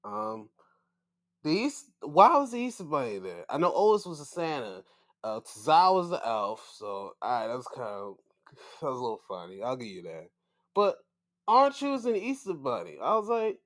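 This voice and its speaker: A man hosting a casual wrestling recap show, excitable and profane, often acting out his own reactions. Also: on the high side, normal speed. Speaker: podcast host.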